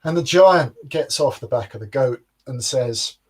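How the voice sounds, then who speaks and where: Slow, dramatic male storyteller. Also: mid-range voice, expressive, breathy edge. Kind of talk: livestreamed folktale telling.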